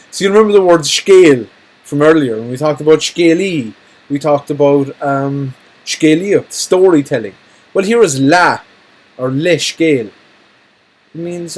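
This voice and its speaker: A man teaching phrases to children, repeating each word slowly and adding small jokes. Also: fairly high pitch, poor audio. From Ireland. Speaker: Irish language teacher. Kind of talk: recorded language lesson.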